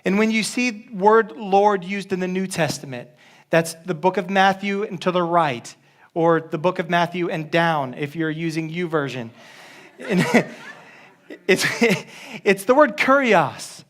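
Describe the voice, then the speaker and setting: A man's voice: sits high, expressive, a little slow, a bit bright. A man preaching a casual, joking sermon as a pastor, with many restarts.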